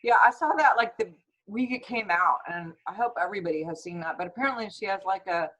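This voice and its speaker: A woman's voice: mid-range voice, fast talker, rough recording. Chatty woman host telling stories. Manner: chatty, animated storytelling. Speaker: host, naturopathic doctor. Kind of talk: casual conversation.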